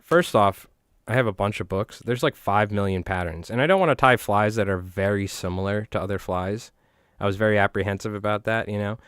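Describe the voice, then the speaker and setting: A man's voice: lowish voice, fairly quick, fairly bright tone, smooth, no room sound, clean studio sound. Chatty New York man tying flies. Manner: rambling, joking, chatty with viewers. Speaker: fly tying channel host. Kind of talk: casual livestream chat while tying flies.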